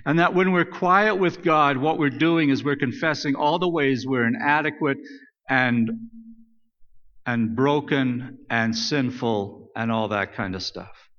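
A man's voice: medium pitch, unhurried, fairly bright tone. A man preaching a sermon as pastor, speaking conversationally and reading scripture aloud, often restarting his phrases. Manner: conversational, self-correcting, reads scripture aloud. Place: church sanctuary. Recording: dull sound with long church reverb.

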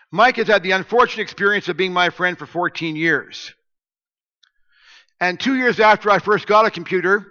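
A male pastor delivers a storytelling sermon, his bright, fairly high voice dropping to a hush and then rising to loud emphasis. The sound carries the long echo of a church hall and a dull, lo-fi tone. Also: clear, resonant tone. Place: church sanctuary.

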